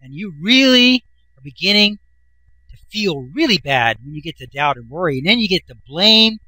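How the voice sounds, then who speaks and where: A man's voice: high-pitched, sing-song, normal speed, bright, forceful tone, no room sound, rough recording. A man, a self-help author, explaining a chart in a casual, folksy, enthusiastic way, swinging his voice up and down for emphasis.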